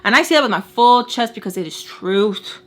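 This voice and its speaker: A woman vlogger telling a personal story in casual chat, animated and blunt, swearing and slipping in Spanish words. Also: on the high side, moderate pace.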